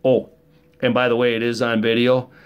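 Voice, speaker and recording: Middle-aged minnesota guy rambling thru a story, jokey, rough around the edges. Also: medium pitch, monotone, normal speed, dull audio. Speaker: vlogger. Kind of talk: casual monologue.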